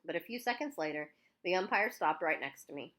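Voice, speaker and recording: A woman reading a children's novel aloud in an expressive first-person narration. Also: lowish voice, brisk. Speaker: audiobook reader.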